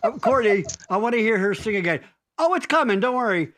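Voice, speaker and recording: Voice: mid-range voice, animated, fairly quick, fairly bright tone. A podcast host in a casual interview, laughing often and reading out viewer comments, loose and informal.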